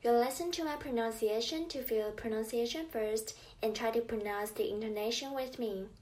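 A woman teaching a language lesson, drilling words and pausing for the listener to repeat. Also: fairly high pitch, a little mellow. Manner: drills words and pauses for repetition. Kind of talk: slow, clear language lesson.

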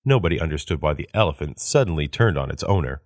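Deep-voiced man reading practice sentences. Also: expressive, no echo, studio quality. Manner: measured, repeats each sentence after the woman. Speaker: English phrase reader. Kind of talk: read-aloud of practice sentences.

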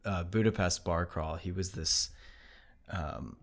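A man's voice: low voice, slow pace, a bit bright. An American man hosting a podcast, telling a travel story in a casual, rambling way with many fillers and restarts. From United States. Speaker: podcast host.

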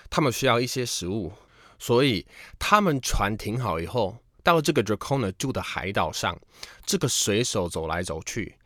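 Casting: low-pitched male narrator, calm explainer, dry close recording. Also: no echo. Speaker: storyteller. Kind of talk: explaining a story in Chinese for learners.

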